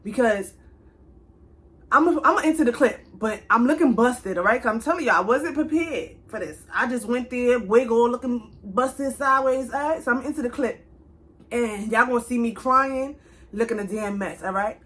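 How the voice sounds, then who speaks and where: A woman's voice: on the high side, moderate pace. Chatty young woman telling a storytime. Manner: chatty, animated, talks straight to viewers. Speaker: vlogger. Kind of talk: casual storytime.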